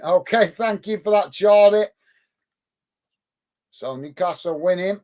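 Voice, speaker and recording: Speaking into a close headset mic, this man has a high, darkish voice and a measured delivery broken by long pauses. He hosts a live football watch-along, calling the action and cheerfully thanking chat viewers by name as he reads their messages.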